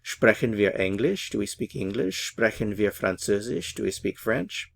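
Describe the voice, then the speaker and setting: A man teaching a language lesson, saying example phrases slowly and carefully. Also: on the low side, animated, vocal fry. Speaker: German teacher.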